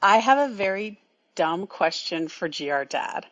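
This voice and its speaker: A woman's voice: mid-range voice, expressive, measured pace, a bit bright. A woman calling in to a live podcast, bubbly and laughing, full of "like" and playful quotes. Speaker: caller. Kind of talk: casual call-in chat. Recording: muffled call-in audio.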